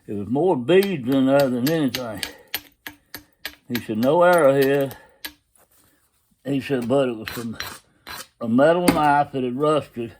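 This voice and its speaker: A man's voice: mid-range voice, a little mellow, a little hiss or hum. A man telling a story in a folksy, casual way, constantly retelling what others said. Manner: folksy drawl, retelling quotes with "he said".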